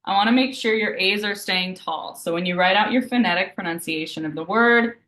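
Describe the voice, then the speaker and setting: A woman teaching a live beginner Italian lesson, patiently explaining each rule and slowly repeating example words. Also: medium pitch, fairly bright tone. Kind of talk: live online language lesson. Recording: roomy echo.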